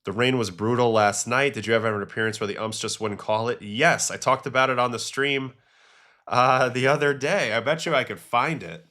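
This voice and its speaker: A man, a former pitcher, hosting a casual livestream, chatting and reacting to baseball clips and chat questions. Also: a little fast, sharp tone.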